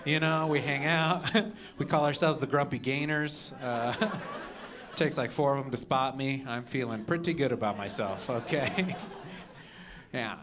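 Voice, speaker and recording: A man's voice: on the high side, fairly bright tone. Young male comic working a live room. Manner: punchy, adds "okay?" and "all right?" after jokes. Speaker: stand-up comedian. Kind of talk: stand-up comedy set. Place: comedy club stage.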